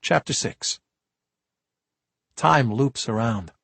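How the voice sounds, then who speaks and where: Husky male audiobook narrator. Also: mid-range voice, animated, slow pace, fairly bright tone, no echo. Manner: dry, wry first-person storytelling. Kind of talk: scripted narration.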